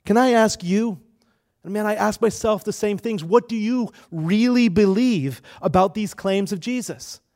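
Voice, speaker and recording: High-voiced man preaching a sermon. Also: unhurried, darkish tone. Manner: emphatic, rhetorical questions to the congregation. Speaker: pastor.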